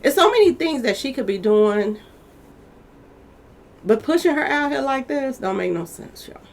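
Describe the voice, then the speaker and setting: A woman's voice: high voice, moderate pace. A woman hosting her own channel, chatting animatedly about celebrity gossip and talking straight to her viewers. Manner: chatty, animated, keeps addressing viewers as "y'all". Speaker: commentary channel host. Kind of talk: casual celebrity gossip commentary.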